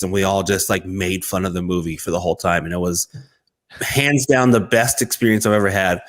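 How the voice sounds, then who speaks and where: A male co-host telling a story in a rambling, animated way. His voice sits a little low for a man. It is loose comedic chat among friends.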